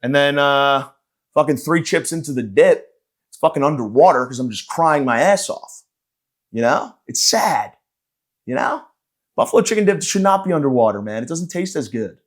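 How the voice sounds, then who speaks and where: A man's voice: fairly high pitch, expressive, moderate pace. A man hosting a podcast, ranting in a profane, sarcastic, rambling comedic style. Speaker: podcast host and stand-up comedian. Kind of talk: casual comedic rant.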